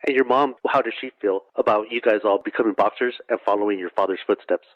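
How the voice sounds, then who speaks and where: A male interviewer asking questions in a relaxed, filler-heavy way. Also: lowish voice, fast talker, no echo. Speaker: interviewer, host. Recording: dry, dull lo-fi audio.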